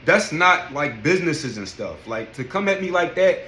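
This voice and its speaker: A man's voice: a little high, normal speed. Man in his thirties ranting, echoey room. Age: 30s. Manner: animated, profane, emphatic. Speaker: vlogger. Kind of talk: casual storytelling rant. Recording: echoey room with faint noise.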